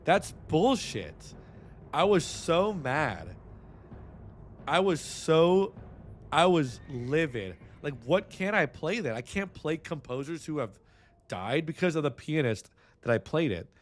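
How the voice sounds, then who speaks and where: A man's voice: a little high, very animated, takes it slowly, slight background noise. A man from San Antonio, chatting casually on a livestream in a rambling, restless way, swearing freely. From San Antonio, Texas. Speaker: streamer. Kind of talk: casual stream chat.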